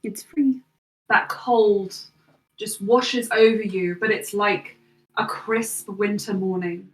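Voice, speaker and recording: A woman narrating a tabletop role-playing game as game master, in slow, measured second-person description. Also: medium pitch, fairly even intonation, reverberant, recorded from a distance, poor audio.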